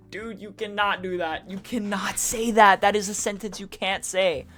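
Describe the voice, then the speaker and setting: A man's voice: sits high, steady tone, a little slow, long pauses, fairly bright tone, faint music behind. A man streaming casual reddit reaction commentary, chatty with sarcastic asides, reading posts aloud in a mocking tone.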